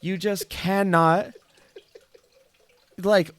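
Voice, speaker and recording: A man's voice: sits high, steady tone, drawn-out words, clean tone, dry recording. Rambling podcast co-host man, dry sound. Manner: rambling, many fillers, says "dude". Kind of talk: casual chat.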